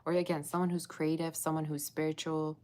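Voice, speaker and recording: A woman's voice: sits low, little pitch movement, brisk, darkish tone. A woman reading tarot on a live stream, chatting with viewers in the chat and sometimes dropping to a whisper. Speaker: tarot reader.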